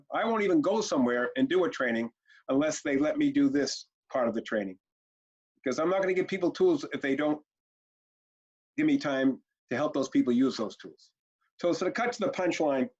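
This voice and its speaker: A man's voice: fairly high pitch, breathy edge. A man presenting a parenting training webinar, talking directly and bluntly to his audience and now and then acting out parent and child exchanges. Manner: direct, punchy, acts out parent and kid exchanges. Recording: muffled lo-fi webinar audio.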